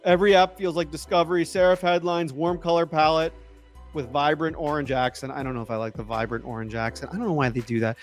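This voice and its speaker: A man chatting casually on a livestream and answering viewer questions, excitable and rambling. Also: a little high, quick pace, soft background music. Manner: rambling and excitable, trailing off and restarting. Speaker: tech YouTuber answering live chat.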